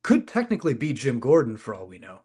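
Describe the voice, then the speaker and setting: Wry, relaxed male podcast co-host. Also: medium pitch, fast, husky. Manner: relaxed, wry, thinks aloud with fillers. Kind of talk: casual comic book discussion.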